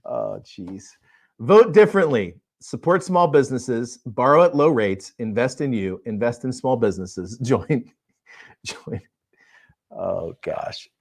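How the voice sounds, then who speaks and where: Man, mid-range voice, casual live-stream host, laughs a lot, punchy and animated. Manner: chatty, laughs often, reads viewer comments; energetic, emphatic pitch. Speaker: host of a live online show.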